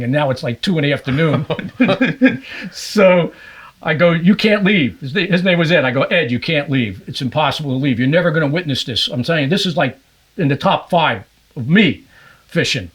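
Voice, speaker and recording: A man's voice: a little high, brisk, slightly rough. An older man from New Jersey, a podcast guest and fishing guide, telling stories in a casual interview and acting out other people's voices. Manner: animated, acts out the voices of others in his anecdotes.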